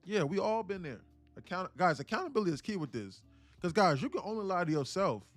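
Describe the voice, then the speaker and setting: Blunt casual male streamer, fairly high voice, faint music underneath. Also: big pitch swings, a little fast, dry recording. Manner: emphatic, blunt, keeps calling out to viewers; casual with swearing. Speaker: day trading streamer. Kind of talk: live-stream coaching talk.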